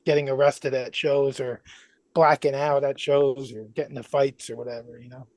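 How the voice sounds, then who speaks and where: A man's voice: medium pitch, flat delivery, moderate pace, a little mellow, dry recording. A man as a podcast guest, telling stories casually and laughing often.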